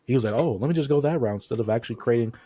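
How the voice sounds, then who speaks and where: Animated man co-hosting a hip-hop podcast. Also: medium pitch, very fast. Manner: animated, acts out quotes when telling stories. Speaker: podcast co-host. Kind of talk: casual chat.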